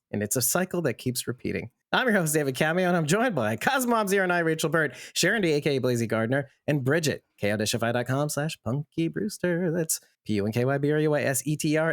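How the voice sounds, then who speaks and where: A man's voice: a little high, no room sound, studio quality. A man hosting a podcast with friends, casual and joking, from Texas. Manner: joking, playful, trying mock French. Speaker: podcast host.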